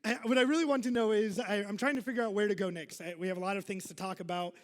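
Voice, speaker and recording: This man's high voice stays steady in tone as he talks very fast, trailed by long reverb. He's a pastor preaching a casual, chatty sermon in a church hall, self-deprecating and packed with fillers and asides.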